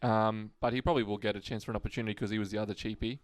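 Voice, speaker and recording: Male podcast co-host; relaxed, rambling, swears, mid voice, dry recording. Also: on the low side, very fast, dry recording. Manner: laid-back, swears freely, rambling. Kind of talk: casual sports chat.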